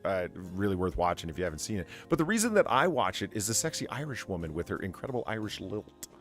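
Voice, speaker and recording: Lower-voiced rambling man, lively. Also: fast talker, soft background music. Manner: rambling, hesitant, laughs often. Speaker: podcast co-host. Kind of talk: casual chat.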